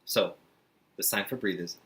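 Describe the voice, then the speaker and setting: Low-voiced man teaching sign language. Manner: relaxed, chatty, with frequent fillers and slow demonstrating passages. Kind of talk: friendly instructional talk to parents.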